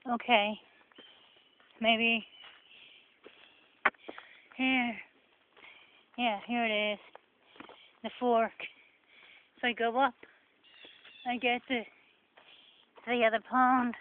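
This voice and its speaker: This vlogger, a woman from New Jersey by her accent, wanders a forest path making sarcastic, rambling remarks for her casual vlog. She sounds on the high side and flat, stretching out words and leaving long pauses. The sound is tinny and phone-like with faint noise.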